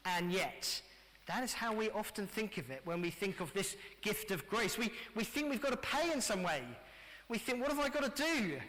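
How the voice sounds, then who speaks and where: A middle-aged English pastor gives a lively family sermon and turns often to the children. His voice sits high and sounds bright and clear. The church's long reverb trails after his words. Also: moderate pace. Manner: lively, addressing children directly.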